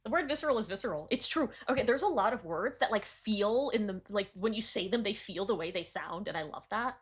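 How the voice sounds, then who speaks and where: A woman talks casually on a live stream, reviewing song lyrics with excited, rambling commentary. Her speech is full of fillers and quick restarts. Her pitch sits mid-range for a woman. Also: slightly rough. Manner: chatty and excitable, frequent "like" and restarts.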